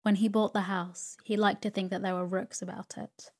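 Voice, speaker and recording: A woman's voice: mid-range voice, little pitch movement, moderate pace, darkish tone, husky, lightly acted. A woman voicing a timid, tearful young widow in a storybook reading, speaking faintly.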